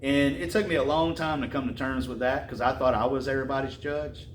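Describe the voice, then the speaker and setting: A man preaching a sermon who reads scripture slowly and then retells it in casual slang. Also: medium pitch, fairly even intonation, reverberant, a little hiss or hum.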